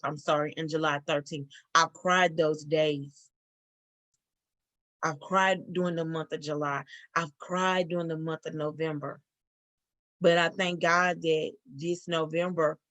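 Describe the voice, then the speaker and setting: A middle-aged woman giving a spoken church testimony, earnest and halting, with many fillers and restarts. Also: sits low, fairly bright tone, dry recording.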